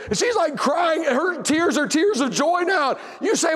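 A man preaching from the pulpit with a strikingly high-pitched voice. He tells a heartfelt personal story and pokes fun at himself. His words ring out with the long reverb of a large church hall. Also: big pitch swings, normal speed, hardly any pauses, a bit bright. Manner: emotional, self-deprecating storyteller.

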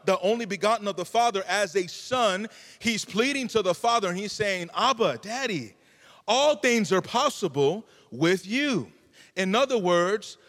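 A man delivers a sermon with a high-pitched voice. He preaches with a fervent, repetitive cadence. The sound carries a long reverb, as in a church sanctuary. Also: fairly bright tone.

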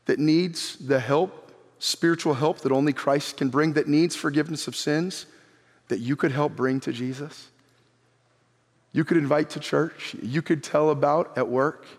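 A man preaching an animated sermon as pastor, reading scripture aloud and acting out the people in it. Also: fairly high pitch. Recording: long hall reverb.

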